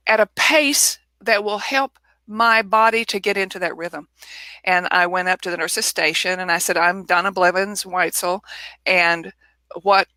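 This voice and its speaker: An author appears as a guest in a relaxed interview over a video call, telling a personal story with lots of animation and acting out the people she quotes. Her voice is medium-pitched, with no echo.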